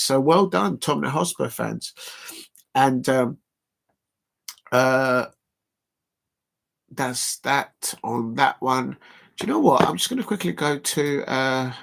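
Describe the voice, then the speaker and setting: Tired, gravelly-voiced man streaming football talk. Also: medium pitch, measured pace. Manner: rambling, full of "uh" fillers, reads quotes aloud. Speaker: football watch-along host. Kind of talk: casual live-stream commentary.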